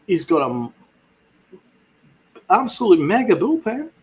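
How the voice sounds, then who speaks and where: A man's voice: high-pitched, huge pitch swings, a little slow, husky. A man hosting a sports podcast, ranting with fiery sarcasm and heavy swearing. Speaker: podcast host.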